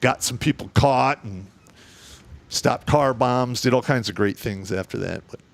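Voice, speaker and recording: A middle-aged man with a gravelly, mid-range voice speaks a little slowly, with no echo. He's a guest in a casual chat, telling blunt, profane war stories from his army years as an animated storyteller.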